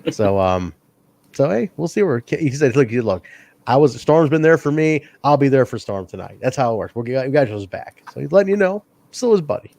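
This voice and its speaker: A man co-hosting a casual wrestling review podcast, an animated storyteller who laughs often, swears, and acts out quotes in a higher voice. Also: brisk, vocal fry, dry recording. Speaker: podcast co-host.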